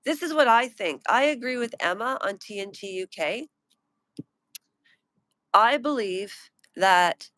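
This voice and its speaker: A woman's voice: mid-range voice, a bit bright, dry recording. A woman giving an indignant, mocking rant about celebrity gossip on a live stream. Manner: indignant, mocking, slows down to stress points. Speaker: pop culture commentator.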